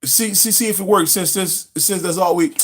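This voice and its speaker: A man's voice: high-pitched, normal speed, fairly bright tone. A man reading a spiritual text aloud and preaching on it, emphatic, repetitive and profane. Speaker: spiritual teacher.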